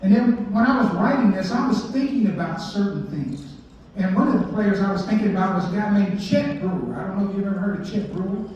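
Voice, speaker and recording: A baseball historian in his sixties tells stories in a folksy way and poses questions to his audience, his high voice brisk and darkish in tone. The recording comes from an echoey hall with a distant mic, sounding muffled with slight background noise.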